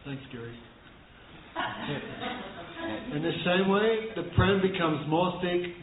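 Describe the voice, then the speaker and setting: A man gives a scripture class in a fairly high voice, moving between storytelling and chanted verses. The sound is thin and phone-like, with a roomy echo and faint noise behind him. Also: lively intonation, slow, pauses often. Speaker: spiritual teacher. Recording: echoey room over thin phone-like line.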